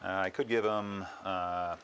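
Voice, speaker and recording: Low-ish guy chatting through a miniatures game, lots of uhs, light hiss. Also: fairly even intonation, measured pace, a bit bright, dull audio. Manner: easygoing, hesitant, many fillers. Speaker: tabletop game player. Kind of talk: casual game chat.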